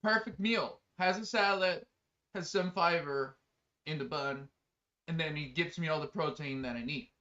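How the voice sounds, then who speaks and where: Male streamer, high and bright, rambling and excitable chat, lo-fi dull stream mic. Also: moderate pace. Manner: excitable, bursts into loud exclamations; chatty, rambling, many fillers. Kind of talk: casual live-stream chat.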